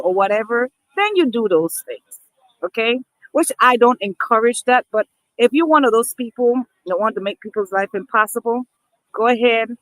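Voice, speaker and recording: In a medium-pitched voice, a woman vlogger speaks earnestly and emphatically to camera, addressing viewers as people. Her casual talk is full of repeated and restarted phrases. There's no echo, though the recording quality is low.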